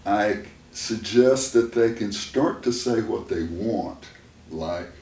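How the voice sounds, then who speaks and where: A man, a therapist hosting an interview, telling stories in an unhurried, casual way and laughing often. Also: on the low side, warm tone. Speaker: therapist and host. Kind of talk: casual conversational storytelling. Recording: roomy room sound from a distant mic, faint noise.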